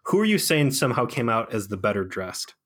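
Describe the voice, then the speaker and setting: A man of ordinary pitch talks through a TV episode in a loose, joking podcast recap. He tells it with sarcastic energy, picking things apart as he goes and stumbling over fillers along the way. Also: brisk. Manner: sarcastic, animated storytelling with frequent fillers. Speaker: podcast co-host. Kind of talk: casual comedic show recap.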